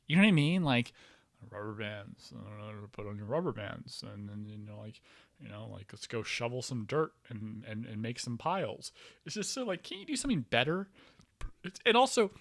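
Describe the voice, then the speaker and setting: A man's voice: medium pitch, no room sound. Rambling, profane young man, dry sound. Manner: rambling, profane, swinging between loud outbursts and mumbling. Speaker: podcast host. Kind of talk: casual solo talk to camera.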